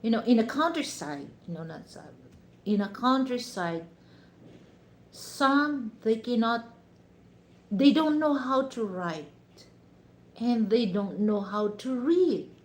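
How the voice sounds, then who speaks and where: Filipino-accented woman hosting a live stream, measured pace, lots of "you know" fillers, echoey room. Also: on the high side, animated. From Philippines. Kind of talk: casual chat with live viewers. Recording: roomy echo, faint ambience.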